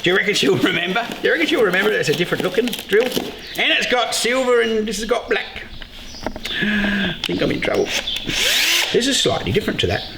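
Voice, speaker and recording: Aussie guy in his middle years, high voice bouncing all over, jokey and sweary, echoey noisy room. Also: a little fast, vocal fry. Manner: excitable, joking, swears freely. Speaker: beekeeper and show host. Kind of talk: casual vlog chat. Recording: echoey room with loud background noise.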